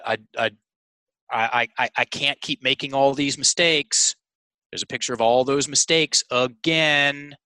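A man's voice: medium pitch, pushed and bright, no echo, poor audio. A man talking as a coach in an interview, telling stories emphatically, addressing listeners as folks, with frequent restarts. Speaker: sales and mindset coach. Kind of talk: conversational storytelling interview.

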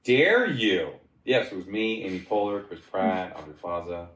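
A man in his forties telling stories as a guest in a casual chat. He wanders through his sentences and jumps into high, excited voices when quoting himself. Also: normal speed, reverberant, background noise. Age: 40s.

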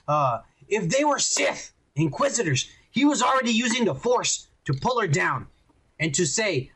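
A man's voice: high-pitched, animated, normal speed, fairly bright tone. A man hosting a podcast, ranting heatedly and swearing a lot while reviewing a show. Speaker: podcast host. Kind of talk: casual ranting review chat.

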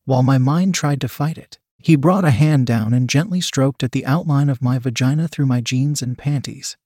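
Brief: a steady, measured male narrator of an erotic audio story, with a mid-pitched voice on a dry, close recording. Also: breathy edge, dry recording.

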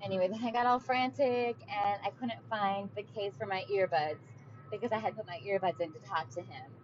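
A woman talks to her camera in a loose, confessional way, leaning on "like" and "um" as she goes. Her voice sits at an ordinary middle pitch. The audio is a touch muffled and lo-fi, with a faint hum of traffic behind her. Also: a little fast. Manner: chatty, many fillers and "like". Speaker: vlogger. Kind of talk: casual confessional storytelling.

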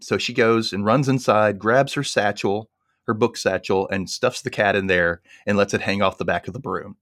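A man with a lowish voice hosts a relaxed chat show. He recaps a movie in a rambling, lively way, full of asides. The sound is dry and close. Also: moderate pace, no echo. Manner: chatty, rambling, animated retelling. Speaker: podcast host. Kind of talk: casual chat, retelling a movie.

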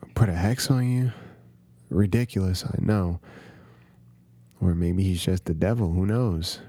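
A man's voice: low-pitched, a little slow, mellow, breathy edge, no echo. A man voicing a skeptical friend who jokes and doubts. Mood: teasing. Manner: joking, doubtful.

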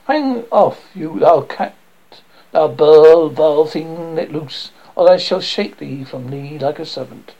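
A man reading a scornful, harsh young man in a verse play, reading with lively stresses. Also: fairly high pitch, normal speed, creaky, few pauses, husky, low-quality recording.

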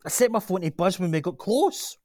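A man with a high voice speaks a little fast in this echo-free studio recording of radio drama. He's playing a sincere local from Glasgow, a chip-shop cook's grandson, making a persuasive, animated and earnest pitch for a gym.

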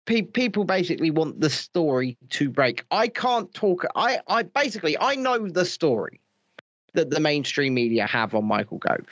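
Man, podcast host, laughing swearing banter, lively pitch, dry dull lo-fi sound. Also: normal speed, no echo. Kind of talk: casual chat. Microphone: headphones, studio mic.

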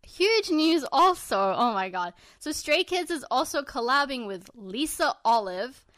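A young woman co-hosting a podcast, talking in excitable, gushing bursts and laughing often. Her voice sits a little high and sounds close and dry, with no room around it. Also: a little slow, dry recording. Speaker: podcast co-host. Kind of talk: casual chat.

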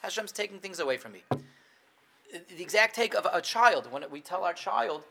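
A middle-aged man teaching a Torah class, animated, questioning his students and acting out what the figures say. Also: sits high, normal speed, vocal fry, a little hiss or hum.

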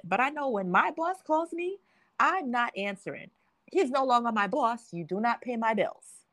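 A woman's voice: a little high, expressive, moderate pace, fairly bright tone, no echo. A young adult woman hosting a podcast, telling a story in casual chat and acting out the quotes, laughing often. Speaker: podcast host.

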